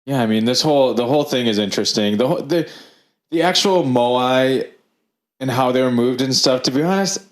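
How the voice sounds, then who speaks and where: On a laid-back podcast, a co-host talks fairly quickly in a mid-range voice. His casual chat wanders, with frequent fillers and restarts.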